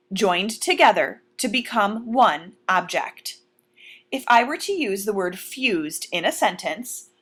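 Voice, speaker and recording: A woman teacher walks through vocabulary words in a recorded lesson, speaking clearly and deliberately. Her pitch rises and falls a lot as she explains, and she keeps turning to her students with questions. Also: a bit bright.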